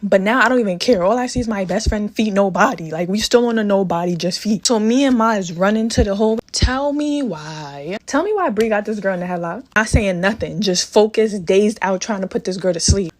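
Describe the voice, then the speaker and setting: A woman's voice: mid-range voice, a little fast, hardly any pauses. A young woman telling a dramatic storytime in casual slang, acting out the quotes.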